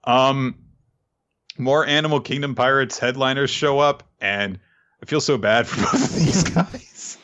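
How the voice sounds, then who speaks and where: A man's voice: mid-range voice, unhurried, a bit bright. A man co-hosting a casual chat recap, joking and laughing often as he acts out quotes. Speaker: podcast co-host.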